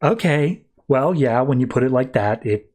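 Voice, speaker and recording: A smooth, cocky young hero, as a man voices him in a comics podcast recap. He sounds breezy and a little teasing, with a medium-pitched, relaxed delivery. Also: moderate pace, natural voice. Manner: casual paraphrase, near his own voice. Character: charming cocky young male acrobat hero.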